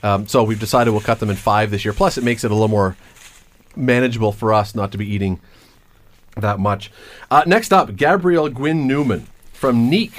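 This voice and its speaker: A man's voice: fairly low pitch, normal speed. Chatty radio host man. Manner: jokey, chatty interviewer. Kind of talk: casual radio chat. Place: radio studio.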